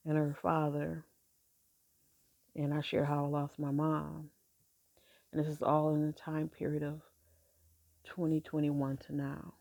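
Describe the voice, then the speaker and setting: A middle-aged woman telling a personal story in a halting, soft-spoken way, with many pauses. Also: low-pitched, vocal fry, dry recording, clean studio sound. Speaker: grieving mother sharing her story.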